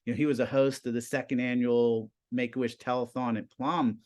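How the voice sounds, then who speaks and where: A man in his forties, a high school TV production teacher, chatting in an interview and telling animated stories with lots of "you know" and "like". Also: fairly quick. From Pennsylvania, US. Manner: animated storyteller, many fillers. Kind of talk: casual interview chat.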